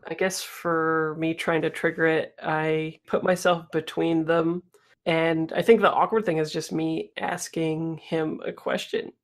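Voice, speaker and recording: A player in a tabletop role-play speaks in an offhand way. The voice stays flat in pitch, with a gravelly edge. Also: unhurried.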